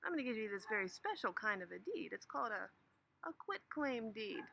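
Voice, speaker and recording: A woman's voice: medium pitch, sing-song, fast, vocal fry, bright, forceful tone, exaggerated voice. A woman acting out a shady, pushy man selling property, with a slick, evasive sales patter.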